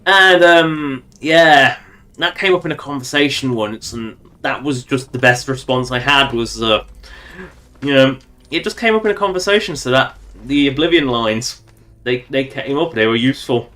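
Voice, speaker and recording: A man's voice: medium pitch, a little slow, sharp tone. A man streaming a video game, rambling and joking to himself in casual commentary.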